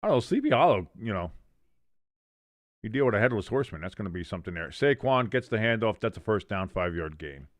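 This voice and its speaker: Very animated and fast, this lowish-voiced man hosts a live watch-along stream with no echo in the audio. He calls plays as commentary, reads chat comments aloud, corrects himself, and cracks jokes.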